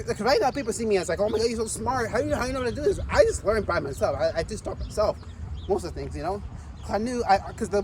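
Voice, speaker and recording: A man vlogging while walking outdoors, rambling and repeating himself excitedly and a little out of breath. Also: high-pitched, far from the mic. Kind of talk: casual walking vlog. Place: outdoors on city streets, walking. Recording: street noise behind the voice. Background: traffic and street noise.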